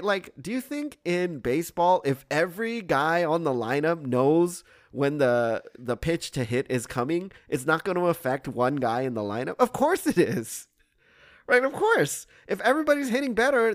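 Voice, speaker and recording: A man riffing in casual sports talk, sarcastic and worked up. His pitch swings widely as he mocks and argues. The sound is dry and close, with no room around it. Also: no echo. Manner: animated, sarcastic, mocking.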